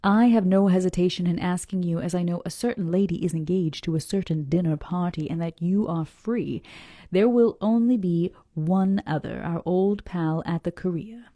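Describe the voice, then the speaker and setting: A woman's voice: on the low side, normal speed, no room sound, clean studio sound. A woman hosting a live book club, reading a classic novel aloud and stumbling now and then over names, with whispered asides and chatty comments to her viewers. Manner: drops into soft whispered asides; self-deprecating and talks straight to her viewers. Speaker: book club livestream host.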